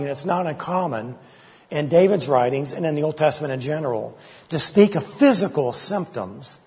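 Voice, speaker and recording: Husky preacher in a reverberant hall. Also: male voice, fairly high pitch, darkish tone. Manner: impassioned, voices the psalmist's pleas with rising intensity. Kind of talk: expository sermon. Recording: lo-fi recording with long hall reverb.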